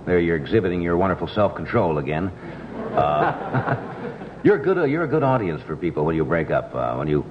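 A man's voice: low-pitched, sing-song, normal speed. A man hosting a talk show, chatting casually in a friendly way, with many fillers. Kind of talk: casual interview chat. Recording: dull old TV audio with clear hiss.

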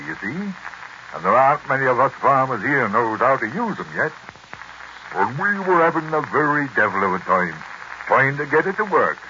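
A man's voice: mid-range voice, sharp tone, a little hiss or hum. An actor playing a chatty, proud English farmer with an English accent who tells his story in a folksy way, in 1940s radio acting. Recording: dull lo-fi 1940s radio recording.

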